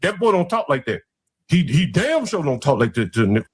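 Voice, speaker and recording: A man's voice: sing-song, fairly quick, husky. A man on a live stream arguing heatedly and calling people out. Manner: confrontational, swings between high and low pitch. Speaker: stream guest.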